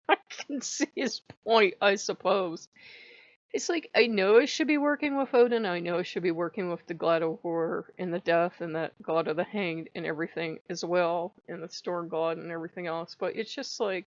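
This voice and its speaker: A woman's voice: lowish voice, moderate pace, gravelly, no room sound, highs cut off. A woman talking in a casual, wry, chatty vlog monologue about her spiritual life, laughing often. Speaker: spiritual vlogger.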